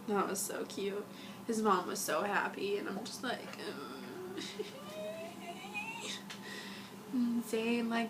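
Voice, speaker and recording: A young woman vlogger rambling through a casual fan review, gushing and giggly, a little sick and husky. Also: medium pitch, measured pace, long pauses, noisy background.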